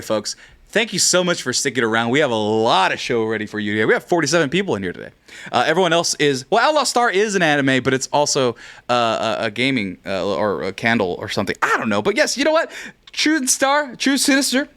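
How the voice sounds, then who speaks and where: Male podcast host, fairly high voice with a bouncy, swinging delivery, loose and jokey. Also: fairly bright tone. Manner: rambling, jokey, swears casually. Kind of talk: livestream prize giveaway announcements.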